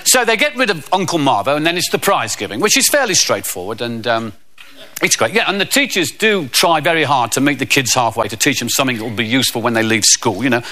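Animated comedian telling stories. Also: male voice, mid-range voice, fast talker. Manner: deadpan storytelling, acting out characters. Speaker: stand-up comedian. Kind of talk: stand-up comedy routine.

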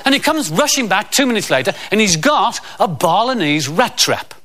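A man telling a stand-up comedy anecdote in an animated way, acting out the characters as he goes. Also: high voice, normal speed, few pauses. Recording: loud background noise.

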